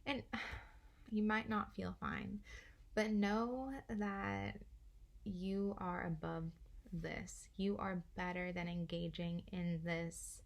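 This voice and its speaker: A young woman giving a gentle, meandering spiritual card reading, laughing softly now and then. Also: on the low side, fairly even intonation, slow, vocal fry. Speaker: oracle card reader.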